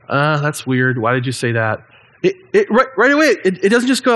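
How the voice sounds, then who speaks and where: A man in his thirties, a pastor giving a sermon in a relaxed, conversational way with frequent ums and restarts. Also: high-pitched, a little fast.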